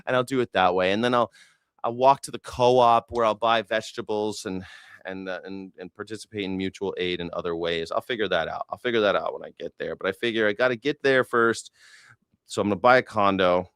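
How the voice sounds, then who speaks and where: A man's voice: lowish voice, smooth, no room sound, clean studio sound. A man hosting a news reaction live stream, rambling in a profane, sarcastic way.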